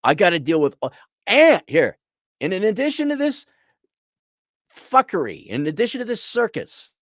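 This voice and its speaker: A man's voice: high-pitched, huge pitch swings, moderate pace, fairly bright tone, no echo, clean studio sound. Profane, exasperated middle-aged man ranting. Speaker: consultant and vlogger. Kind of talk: profane angry rant to camera.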